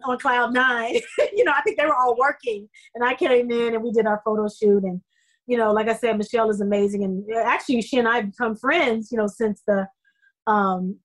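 Effusive middle-aged actress, higher voice. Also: female voice, low-quality recording. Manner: effusive, animated storytelling with many fillers. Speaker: soap opera actor, interview guest. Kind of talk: casual interview chat.

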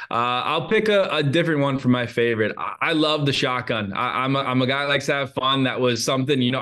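An earnest man, a guest in a relaxed interview, speaking openly in a mid-range voice for a man. He often restarts his sentences as he works through his thoughts. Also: mid-range voice. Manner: earnest, open, talks in restarts. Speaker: reality show lead, guest. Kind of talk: casual interview.

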